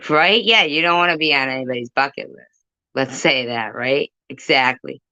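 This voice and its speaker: A woman's voice: rumbling low, normal speed, sharp tone, dry recording. A woman ranting profanely and confrontationally on a phone livestream, rambling and chatting with her viewers. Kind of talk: livestream rant.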